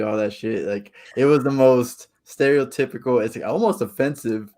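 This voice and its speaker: A man, co-hosting a casual podcast chat, laid-back, teasing and quick to laugh. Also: mid-range voice, warm tone. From United States. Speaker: podcast co-host.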